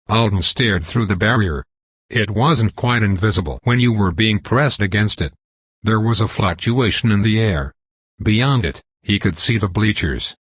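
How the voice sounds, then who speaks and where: Low husky man narrating a comic. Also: animated, normal speed, a bit bright, no room sound. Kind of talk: reading a comic story aloud.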